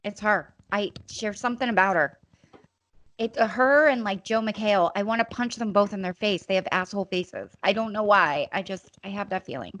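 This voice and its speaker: A woman co-hosting a casual podcast chat, blunt and quick to laugh. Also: mid-range voice, a bit bright.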